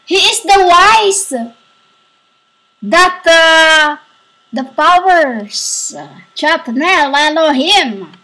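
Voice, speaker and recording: A woman speaks slowly into a laptop microphone, giving a drifting spiritual monologue. She halts often, searching for her words between long pauses. Her voice sits high. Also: lively intonation, sharp tone, rough recording. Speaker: self-styled spiritual speaker. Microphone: laptop built-in microphone.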